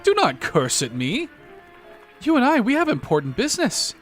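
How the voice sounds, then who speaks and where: A man's voice: very high voice, huge pitch swings, moderate pace, soft background music, pitched above the performer's own voice, heavily acted. A man voicing a haughty teenage French schoolgirl who talks in grand, theatrical, oddly broken phrases, without a French accent, for a game playthrough.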